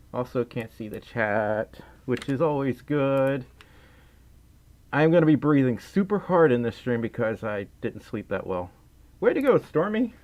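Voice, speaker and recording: A man's voice: medium pitch, sing-song, slow pace. A tired, sleep-deprived young man with a Southern accent, giggling and rambling playfully as he chats with viewers on a livestream. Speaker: livestream host. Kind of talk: casual livestream chat.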